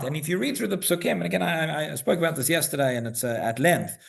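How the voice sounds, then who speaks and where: Here a man with a medium-pitched, fairly bright voice and some vocal fry walks a synagogue congregation through the week's Torah portion. Rhetorical questions come constantly, along with "right?" check-ins and repeated words as each idea takes shape.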